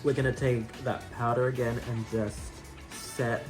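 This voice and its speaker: A man's voice: medium pitch, level tone, measured pace, over music. A young Australian man doing a chatty drag makeup tutorial, rambling in self-mocking asides. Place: indoor room with a fan.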